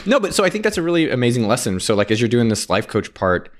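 Young male host, fast and expressive delivery, lowish voice, laughs easily. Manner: animated, asks probing questions, laughs often. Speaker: podcast host. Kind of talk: casual interview chat.

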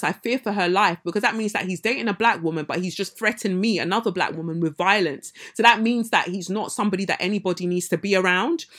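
A woman hosting a podcast, telling a story in a heated, emphatic casual monologue. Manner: emphatic, heated, rises in pitch and loudness when indignant. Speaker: podcast host.

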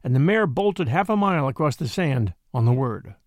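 A man narrating a story as an audiobook, in an expressive, measured storytelling manner. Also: medium pitch, no echo, studio quality.

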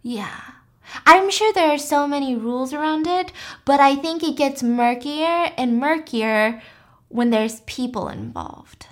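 A woman's voice: high-pitched, unhurried, a bit bright. A young woman casually retelling a story for a podcast, chatty and full of "like", acting out the quotes as she goes. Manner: chatty, lots of "like", acts out quotes.

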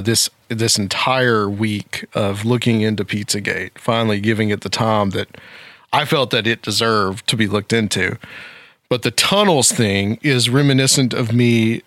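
A man's voice: fairly low pitch, a bit bright, dry recording, clean studio sound. A man hosting a talk show, speaking casually and rambling with frequent fillers. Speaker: podcast host.

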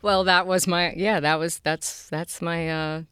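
A woman's voice: fairly low pitch, steady tone, measured pace, a bit bright, clear, resonant tone, dry recording. A middle-aged woman from Queens with a New York accent, chatting as a guest in a studio interview, laughing often and restarting her sentences. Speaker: guest actress. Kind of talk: casual interview chat. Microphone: studio mic.

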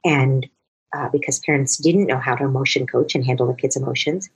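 A woman's voice: extremely low pitch, steady tone, fairly quick, breathy edge, poor audio. A middle-aged woman, a parenting expert, earnestly explaining her advice in an interview, using worked-through examples.

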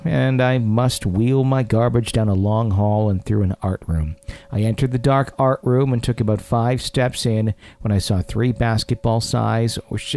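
A man's voice: mid-range voice, dark tone. A man hosting a podcast, reading listener stories aloud and bantering in a joking, teasing way. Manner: jokey, teasing. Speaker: podcast host.

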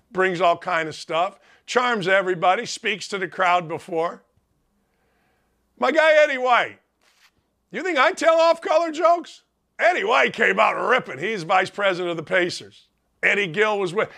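Emotional, bright-voiced male talk host. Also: high voice. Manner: heartfelt, emphatic, repetitive gratitude. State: tearful. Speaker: sports talk show host. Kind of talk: emotional monologue.

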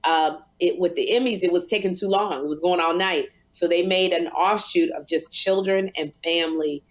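A woman co-hosting a casual chat, animated and excitable. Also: fairly low pitch, normal speed. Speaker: co-host.

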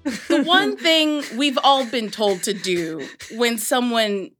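Slow, bright-voiced woman musing aloud. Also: on the high side, soft background music. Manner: musing, speculative, full of filler words. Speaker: podcast co-host. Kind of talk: casual chat about the story.

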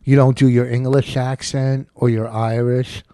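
A man co-hosting a podcast with his wife, bickering in a teasing, exasperated way and quick to defend himself. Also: mid-range voice, little pitch movement, dark tone, no echo, studio quality. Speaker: podcast co-host. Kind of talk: bickering couple's podcast chat.

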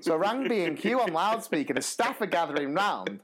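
A man in his own casual podcast chat, telling stories with a lot of life. His pitch swings widely as he builds each tale. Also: a little fast. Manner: animated storyteller who acts out other people's voices. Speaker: podcast co-host, primary teacher.

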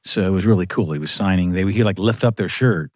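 A man with a low, deep voice tells stories in a relaxed, animated way, laughing as he goes. The sound is close and dry, with no room echo. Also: fast. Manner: animated storyteller who laughs through his anecdotes. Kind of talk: casual storytelling conversation.

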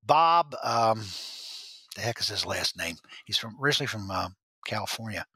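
A man as the podcast guest, telling rambling stories with halting restarts. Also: on the low side, expressive, pushed and bright, husky, no echo. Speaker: guest, former drug agent. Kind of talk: storytelling interview.

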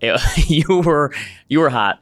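A man's voice: a little high, lively intonation, unhurried. A man with a Midwestern American accent, co-hosting a podcast and telling a story in casual, amused chat. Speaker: podcast co-host.

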